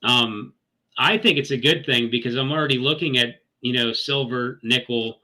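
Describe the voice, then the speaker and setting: A man's voice: mid-range voice, normal speed, sharp tone, low-quality recording. A man co-hosting a live trading stream, thinking aloud in a loose, hesitant way. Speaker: stream co-host reading comments. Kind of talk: casual livestream chat.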